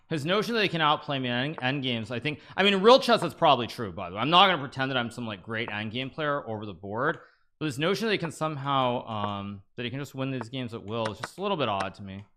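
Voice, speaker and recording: A man commentating live on his own chess games as a streamer, thinking aloud, with sudden excited bursts of self-criticism. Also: mid-range voice, fast talker. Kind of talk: live commentary while playing online chess.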